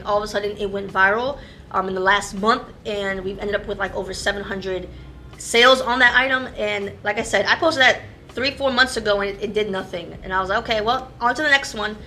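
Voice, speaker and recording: A woman who runs a made-to-order shop, chatting quickly and casually as she explains how selling online works. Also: medium pitch, steady tone, sharp tone, a little hiss or hum. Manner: fast-talking, chatty, self-aware about speed.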